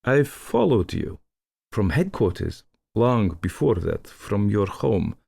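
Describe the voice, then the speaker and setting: A man's voice: lowish voice, sing-song, takes it slowly, vocal fry, dark tone, slightly rough, no room sound, heavily acted. A man voicing a sad, humble little Eastern European man who pleads in a mournful, condoling tone. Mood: mournful, pleading. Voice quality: sad, unvarying, like offering condolences.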